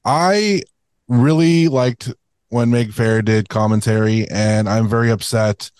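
A man's voice: medium pitch, a little mellow, clear, resonant tone, no room sound. Hesitant man in a dry room. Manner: hesitant, halting, many fillers. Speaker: podcast co-host. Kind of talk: casual chat.

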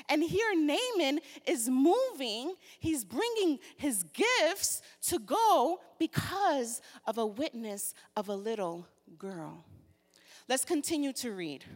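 Slow-preaching woman in a reverberant hall. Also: sits high. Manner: slow and deliberate, animated when retelling the story. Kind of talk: sermon with scripture reading. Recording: long reverb of a large hall.

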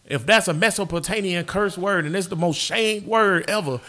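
A man hosting a podcast in casual chat, animated and profane. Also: high voice, normal speed. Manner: animated, profane, laughs often. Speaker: podcast host.

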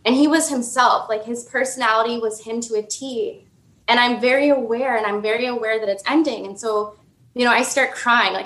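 A woman's voice: on the high side, fairly bright tone, roomy sound. A young woman in her twenties telling a personal dream story casually, full of "like" and restarts. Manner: rambling, emotional, filler-heavy.

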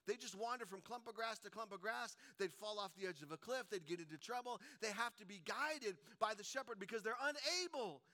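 A middle-aged male preacher with a high, bright and ringing voice. He delivers a sermon in a storytelling way, often checking in with the congregation with quick rhetorical asides. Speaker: pastor.

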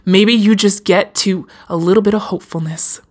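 Animated woman giving a motivational talk. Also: mid-range voice, moderate pace. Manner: animated, swearing, addresses listeners directly. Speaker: podcast host. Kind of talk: motivational self-help talk.

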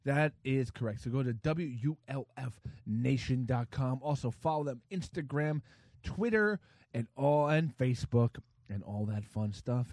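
A man's voice: mid-range voice, unhurried, no room sound, clean studio sound. A man co-hosting a podcast, rambling and joking through an ad-libbed sponsor read. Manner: animated, teasing, rambling with restarts. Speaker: podcast co-host reading sponsor ads.

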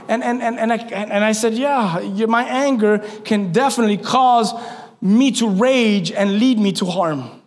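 Male pastor, high and bright-toned, lively emphatic preaching, reverberant church hall. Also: unhurried. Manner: animated preaching, swings from loud emphatic to hushed. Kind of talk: sermon.

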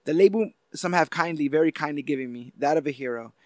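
A man reads out a superhero's grave, rousing speech, his voice sitting a little high. The delivery is solemn and declaiming. The sound is close and dry. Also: fast talker, a little mellow, no room sound, lightly acted. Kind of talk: dramatic reading aloud.

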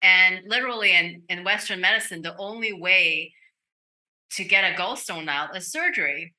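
A woman speaking as a podcast guest, a medical intuitive telling an earnest, animated story. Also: lowish voice, moderate pace. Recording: roomy echo.

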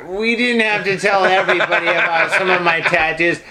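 A man co-hosting a podcast in casual chat, excitable and profane. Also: sits high, normal speed, a crowd in the background. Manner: profane, excitable, laughing along. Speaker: podcast co-host.

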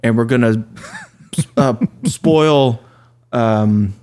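A man's voice: mid-range voice, extremely slow, darkish tone. A man hosting a casual movie podcast with playful, self-mocking banter. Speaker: podcast host.

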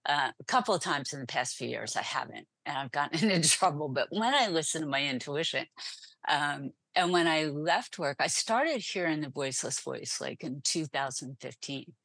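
A middle-aged woman telling a personal story as a guest, animated and laughing often as she acts out what was said. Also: low-pitched, normal speed, creaky, husky, no echo. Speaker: podcast guest. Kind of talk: storytelling in an interview.

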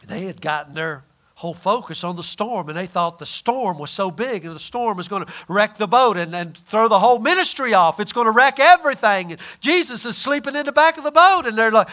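A man pastor preaching a sermon, swinging between loud emphatic lines and hushed, near-whispered ones. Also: extremely high pitch, expressive, brisk.

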